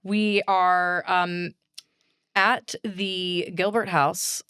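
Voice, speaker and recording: Lower-voiced woman co-host, smooth and hesitant. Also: level tone, extremely slow, bright, forceful tone, no echo, studio quality. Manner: hesitant, many fillers and restarts. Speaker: podcast co-host. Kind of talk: casual chat.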